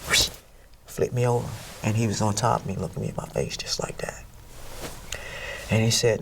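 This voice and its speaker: A woman telling a dramatic true story, acting it out with loud sound effects and checking in with "that makes sense?". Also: a bass voice, steady tone, normal speed, long pauses, whispered. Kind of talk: animated story time.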